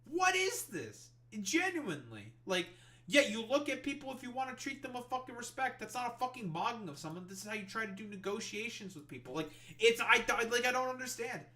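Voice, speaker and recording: A man's voice: very high voice, very animated, quick pace, sharp tone. A streamer man in a profane political rant, reading news aloud and mocking it with exasperation. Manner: exasperated, swears constantly, reads articles aloud then mocks them.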